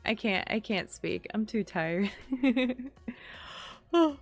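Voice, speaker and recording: Young adult woman streamer, sleepy and unhurried, casual chatter at a mid pitch. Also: lively intonation, faint music behind. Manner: slow, drowsy chatter with frequent laughs and sighs. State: tired. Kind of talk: casual gaming stream chat.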